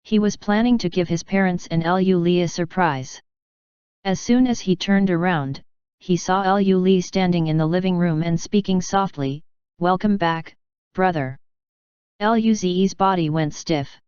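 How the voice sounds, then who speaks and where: Smooth, clear woman narrating an audiobook. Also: fairly low pitch, moderate pace, a little mellow, no echo, muffled recording. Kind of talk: scripted narration.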